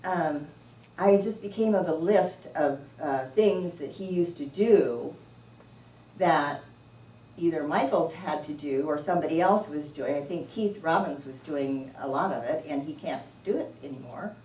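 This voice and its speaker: A woman giving an informal sermon in a church, unhurried and anecdotal, often chuckling as she tells stories. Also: sits low, mellow. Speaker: church speaker. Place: church sanctuary. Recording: echoey room, distant mic, faint noise.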